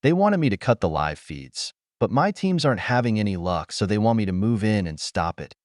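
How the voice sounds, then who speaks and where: A man's voice: lowish voice, very animated, fairly quick, no echo, clean studio sound. A man voicing an impatient agent on a call who talks in a curt, urgent way.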